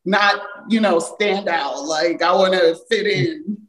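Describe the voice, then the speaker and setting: A woman's voice: fairly low pitch, fairly even intonation, slow pace, fairly bright tone, reverberant, poor audio. A woman from Jamaica with an American accent, speaking candidly as a guest in a casual conversation. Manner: candid, chatty, trails off with fillers.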